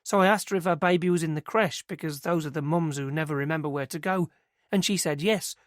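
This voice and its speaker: Quick-paced and low, this woman's voice sounds natural, captured in a dry, clean studio recording. It's a man voicing a young adult British nursery worker, eager and nervous, who tells what she witnessed in a chatty, hesitant, rambling manner with an eager recounting mood.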